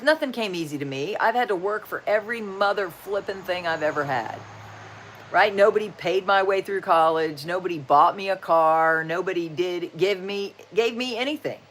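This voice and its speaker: Chatty woman in her sixties, low voice. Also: animated, normal speed, slight background noise. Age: 60s. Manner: chatty and folksy, often saying "just saying"; upbeat, tells corny jokes. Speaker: livestream host. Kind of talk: casual livestream chat.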